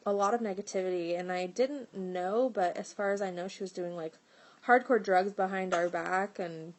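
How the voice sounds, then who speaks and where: A young woman telling a personal story in a loose, chatty way. Her voice sits in a middle pitch for a woman, and she fills her sentences with fillers. She jumps up into lively exclamations whenever she quotes what someone said. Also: low-quality recording. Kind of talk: casual storytelling.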